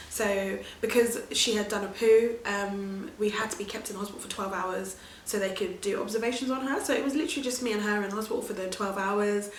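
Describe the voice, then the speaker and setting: A woman vlogging her birth story in a chatty, animated way, often laughing. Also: mid-range voice, slight background noise. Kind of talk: casual storytelling to camera. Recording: roomy echo.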